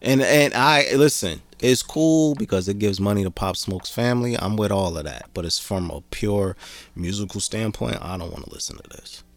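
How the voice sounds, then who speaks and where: Deep-voiced laid-back male podcast host. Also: lively intonation, moderate pace. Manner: laid-back, swearing, rambling. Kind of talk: casual podcast chat.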